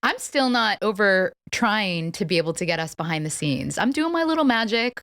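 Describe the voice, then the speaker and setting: A woman at an average pitch chats casually while co-hosting a music reaction video. She breaks in with short exclamations and plans with her partner. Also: very animated, moderate pace, fairly bright tone. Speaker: reaction channel co-host. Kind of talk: casual chat.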